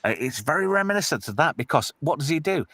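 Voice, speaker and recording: A man hosting a casual movie podcast, lively and quick to laugh. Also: on the high side, no room sound. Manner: animated, laughs often, does mock voices of characters. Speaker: podcast host.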